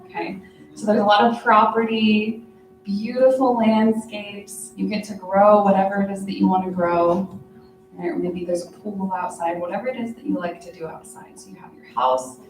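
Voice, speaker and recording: A woman's voice: mid-range voice, darkish tone. A woman gives a workshop talk in a conference room, talking easily and checking in with the audience as she goes. Her voice sits in the middle range. The recording picks her up from across a reverberant room. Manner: conversational, checks in with frequent "right?" and "okay?". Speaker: workshop presenter. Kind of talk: lecture to a live audience. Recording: echoey room, mic far off.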